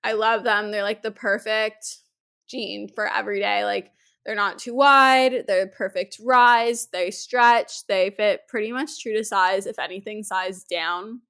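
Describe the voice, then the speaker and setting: A young Canadian woman hosts her podcast in a chatty, bubbly way, full of little "like"s. Her voice is a bit hoarse from a cold, and it sits at an ordinary middle pitch. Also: fairly even intonation, unhurried, fairly bright tone. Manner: chatty and enthusiastic, many fillers like "like". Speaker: podcast host. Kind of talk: casual podcast chat.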